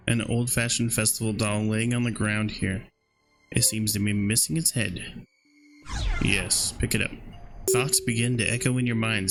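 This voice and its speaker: Fields: Sex: man. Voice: gravelly. Style: let's play with dialogue read aloud. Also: medium pitch, fairly bright tone. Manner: casual, slangy reactions between read lines. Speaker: gaming video creator.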